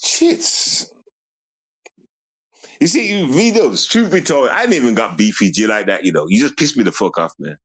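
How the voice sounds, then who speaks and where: A man's voice: mid-range voice, big pitch swings, a little fast, few pauses, slightly rough. A young man ranting on a casual livestream, mocking and repetitive as he talks to his chat.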